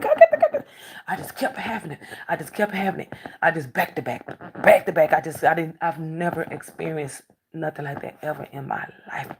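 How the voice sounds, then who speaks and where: A woman tells a personal story straight to camera, repeating phrases as she goes. Her low voice is raspy and gravelly with plenty of fry, and it climbs high when she gets upset.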